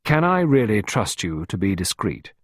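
A man reading aloud and voicing a self-important government official husband who speaks gravely and solemnly about secrets. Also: lowish voice, big pitch swings, moderate pace, dry recording, clean studio sound.

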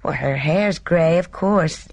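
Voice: mid-range voice, big pitch swings, moderate pace, no echo. A reader voicing a cheerful, careless young woman who chatters in airy, slangy upper-class talk. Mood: breezy.

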